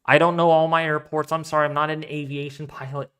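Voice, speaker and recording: A man hosting a weather livestream chats casually and rambles as he thinks aloud, reading out viewer donations. His voice is a little high, a bit bright, clear and resonant, with little pitch movement and a fast pace.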